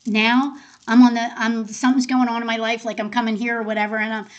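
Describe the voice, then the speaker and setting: A woman with a slightly high voice talks fast, and the recording has its highs cut off. As an interview guest and end of life doula, she tells personal stories in a casual, animated way, acting out quoted dialogue.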